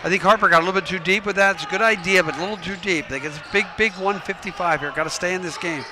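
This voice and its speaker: A man calling a high school basketball game from the gym, his voice a touch higher than most. He rattles off passes and shots and drops in coaching tips. Loud gym noise and bouncing balls sit under his voice. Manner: rapid play calls with coaching asides. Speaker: play-by-play commentator. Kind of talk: local sports commentary. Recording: noisy gym ambience. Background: game crowd and ball bounces.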